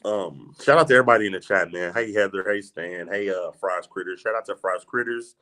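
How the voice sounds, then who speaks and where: A man with a fairly low voice hosts a casual livestream chat. He talks loosely and swears freely. He keeps tossing in "man" as he goes. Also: fairly quick, sharp tone. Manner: laid-back, swears freely, says "man" a lot. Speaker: podcast host.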